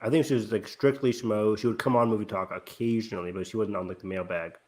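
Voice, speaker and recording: A man's voice: on the low side, fairly even intonation, fast talker. A man hosting a casual film review podcast, retelling scenes with lots of laughter and fillers. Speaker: podcast host.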